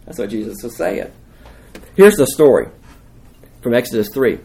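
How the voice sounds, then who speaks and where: A man preaching a sermon, easygoing yet insistent. He explains things in an everyday way and often turns to the listeners with questions. His voice sits at an average pitch. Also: big pitch swings, normal speed, gravelly, pauses often, dark tone. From United States. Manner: conversational, emphatic, asks the listeners questions.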